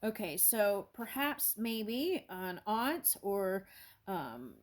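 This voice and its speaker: Woman oracle reader at home, scattered and excitable, keeps backing up, spikes high when amazed. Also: extremely slow. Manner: bursts of high-pitched amazement. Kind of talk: casual spiritual reading with read-aloud prayers. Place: home with her dog nearby.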